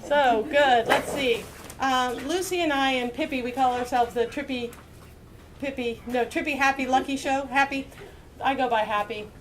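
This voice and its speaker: A woman's voice: fairly high pitch, slight background noise. A woman hosting a casual live stage show, rambling folksily with plenty of fillers. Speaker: show host and singer-songwriter.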